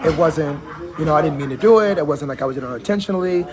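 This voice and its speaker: A man's voice: fairly high pitch, fast talker, crowd noise. A man hosting a casual livestream from a barbershop, chatting and reading out viewers' comments. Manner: talkative, reads out chat comments. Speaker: livestream host.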